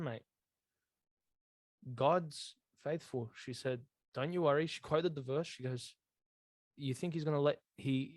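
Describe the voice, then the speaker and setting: Casting: male co-host, mid-pitched, earnest, slangy, close dry mic. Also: darkish tone, no room sound. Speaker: podcast co-host. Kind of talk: casual faith chat.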